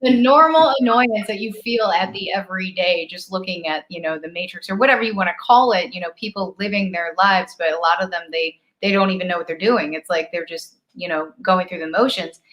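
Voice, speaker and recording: A woman co-hosting a spiritual live stream in a casual, animated chat, acting out her own stories and laughing easily at herself, heard over a video call. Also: on the low side, a little fast, few pauses. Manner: animated storyteller, acts out her own frustration.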